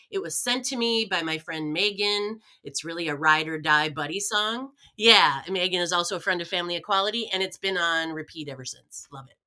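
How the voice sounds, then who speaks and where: A woman speaks as a podcast guest in casual chat. Her voice is bright and forceful and sits somewhat low. She talks in a playful, teasing way. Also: smooth. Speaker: podcast guest, business leader.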